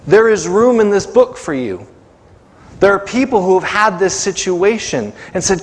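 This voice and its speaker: Male pastor, conversational sermon style, fairly high voice that swings widely, acts out the quotes. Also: animated, moderate pace. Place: church sanctuary. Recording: long church reverb.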